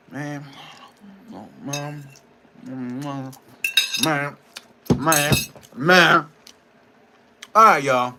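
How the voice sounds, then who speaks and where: A man's voice: a little high, pushed and bright, slight background noise. A man, a personal trainer and nutrition coach, ranting in a casual vlog, frustrated and profane, rambling between laughs.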